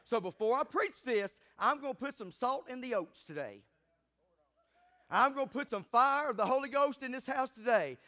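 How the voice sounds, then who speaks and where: A man preaching a sermon as pastor, fervent and calling for responses from the congregation, rising to loud emphatic peaks. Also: very high voice, expressive, normal speed.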